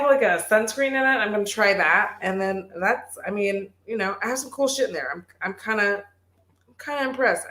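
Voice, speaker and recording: A woman's voice: mid-range voice, bright, forceful tone. Chatty, swearing woman in an echoey room. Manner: profane, rambling storytelling with lots of "like". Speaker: beauty youtuber. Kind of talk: casual livestream chat.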